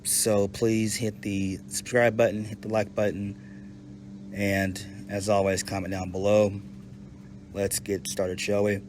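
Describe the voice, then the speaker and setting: A man with a fairly low voice talks through a casual, off-the-cuff review. He is blunt and profane and often starts a sentence twice. Faint background noise sits under his voice. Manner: blunt and profane, with frequent restarts. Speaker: wrestling show reviewer. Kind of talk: casual unscripted recap.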